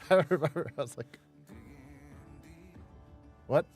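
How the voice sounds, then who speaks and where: A man's voice: on the high side, expressive, moderate pace, soft background music. Rambling, swearing male game streamer. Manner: rambling, swearing, laughing often. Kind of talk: casual gameplay chatter.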